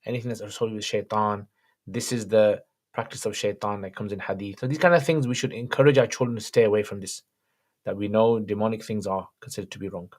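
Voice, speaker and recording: Man, low voice, casual livestream Q&A host, reads questions aloud, relaxed conversational answers. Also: fast.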